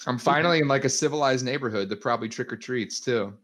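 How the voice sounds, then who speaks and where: A man's voice: medium pitch, fast, a bit bright. A young man co-hosting a casual podcast, laughing often and reading out lines in a mock-dramatic way. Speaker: podcast co-host. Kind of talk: casual chat.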